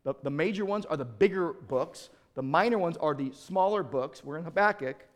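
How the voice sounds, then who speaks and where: A middle-aged male pastor preaching an animated sermon, acting out quoted voices and often restarting his sentences. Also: fairly high pitch, normal speed.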